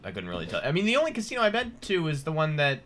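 A man's voice: a little high, very fast. A man co-hosting a podcast, chatting casually with friends, joking and swearing a lot. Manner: animated, swearing, jokey. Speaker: podcast co-host. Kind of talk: casual chat. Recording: loud background noise.

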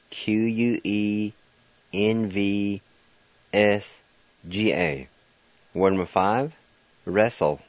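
A man leads a radio language lesson in a low voice, unhurried and very patient. He spells words out letter by letter and repeats each syllable. The sound is dry and a little dull, like an old broadcast. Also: no echo. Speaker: language teacher and radio host.

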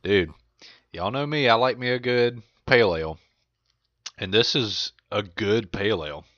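A man's voice: fairly low pitch, a bit bright, no echo. A man co-hosting a casual beer-tasting podcast, talking up a beer with enthusiasm, close to the mic. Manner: enthusiastic, drawn-out praise. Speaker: podcast co-host. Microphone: close microphone. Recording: dull lo-fi dry recording.

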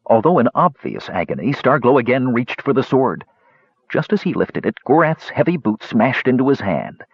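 A man narrating a fantasy story aloud in an expressive, lively reading voice. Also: mid-range voice, normal speed, slightly rough, dry recording. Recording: dull dry lo-fi recording.

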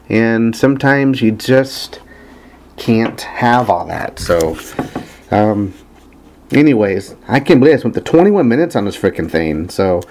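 A man casually talking about a band he loves, hesitant and earnest, with many ums and restarts as he searches for songs. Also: mid-range voice. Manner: earnest, enthusiastic fan. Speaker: vlogger discussing a band's music. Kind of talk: casual rambling talk, reading lyrics aloud.

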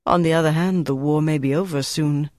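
A man voicing a poised young woman agent in an audiobook, calm and composed. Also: a little high, brisk, no echo, studio quality, close to an everyday voice.

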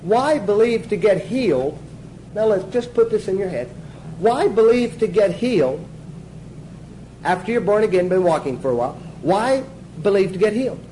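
A man's voice: sits high, expressive, moderate pace, dark tone, a little hiss or hum, poor audio. A man teaching a Bible class in sermon style, emphatic, asking the class questions and answering them himself.

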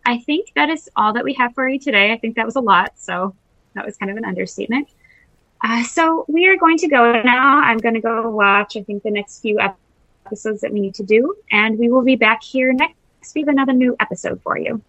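Bright, upbeat woman podcast host. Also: on the high side, brisk, no echo, lo-fi sound. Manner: upbeat, wraps up the show. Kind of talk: casual chat.

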